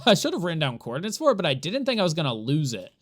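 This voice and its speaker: Speaking very fast with big swings in pitch, this streamer has a medium, slightly bright voice. Exasperated and rambling, the streamer chats with viewers during live gameplay and laughs often.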